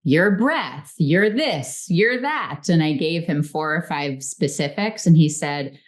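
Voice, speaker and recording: Brief: deep-voiced woman coach, easygoing anecdotal storyteller. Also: lively intonation, takes it slowly. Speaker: relationship coach. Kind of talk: casual podcast chat.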